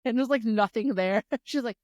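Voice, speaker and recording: A woman co-hosting a casual book podcast, retelling the plot in an animated way, acting out the characters and swearing freely. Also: on the low side, moderate pace, dry recording, clean studio sound. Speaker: podcast co-host. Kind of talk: casual book recap chat.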